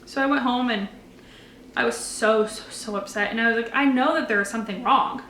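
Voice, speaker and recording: A young woman in her twenties talks straight to the camera, telling her own story in a candid, earnest way. Her voice sits a little high, and the room around her has a noticeable echo. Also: brisk, fairly bright tone, a little hiss or hum. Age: 20s. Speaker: vlogger. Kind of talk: personal story vlog.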